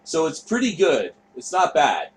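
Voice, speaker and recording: A man's voice: on the high side, huge pitch swings, unhurried, low-quality recording. A man hosting a show, talking casually and off the cuff over footage. He rambles, trails off, and swears freely. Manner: rambling, profane, offhand. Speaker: show host.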